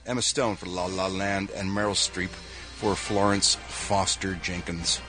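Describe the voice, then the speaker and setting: A man's voice: sits low, level tone, unhurried, over music. A man hosting a radio show, joking his way through entertainment news in casual chat. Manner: wisecracking, reading news items.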